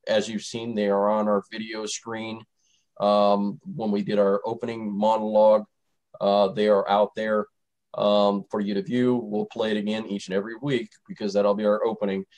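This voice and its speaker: Low-voiced, rambling male show host. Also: level tone, normal speed, darkish tone, poor audio. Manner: rambling, loose, lots of fillers. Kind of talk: casual radio show chat.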